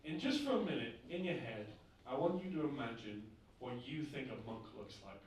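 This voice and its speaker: A man's voice: sing-song, brisk, darkish tone, heavy reverb, slight background noise. A young man doing a stand-up comedy set on a club stage, chatting to the crowd and checking in with "right?" after each point. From northern England. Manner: conversational, keeps asking the crowd "right?". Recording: boomy club room heard from a distance. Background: audience laughter.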